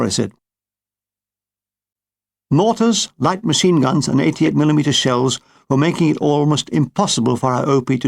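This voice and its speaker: A man reading his own war memoir with a dry, deadpan comic delivery. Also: a little high, vocal fry. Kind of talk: audiobook memoir narration.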